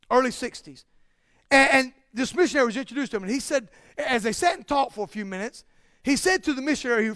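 A man preaching a sermon, building to loud, emphatic peaks and dropping to quiet, slow asides. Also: extremely high pitch, no echo, studio quality.

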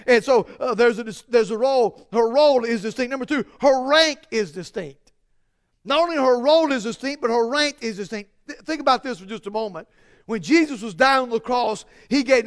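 A man's voice: very high-pitched, fairly bright tone. A man preaching a sermon, emphatic and repetitive, with frequent restarts and building stress.

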